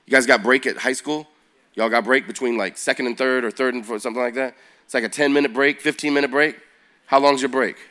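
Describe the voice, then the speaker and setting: A man's voice: medium pitch, quick pace. A man in his forties preaching to young people, telling a story in a loose, slangy way and asking them questions. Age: 40s. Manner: animated, slangy, asks the audience questions. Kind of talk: youth sermon storytelling.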